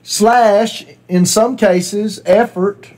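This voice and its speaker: A man's voice: high-pitched, steady tone, drawn-out words, a little mellow. A man teaching a Bible class in a church classroom, asking questions and repeating his students' answers.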